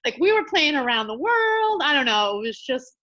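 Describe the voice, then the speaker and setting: A woman math teacher on a video call, speaking in a lively, upbeat way. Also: high voice, moderate pace. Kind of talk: casual video-call chat.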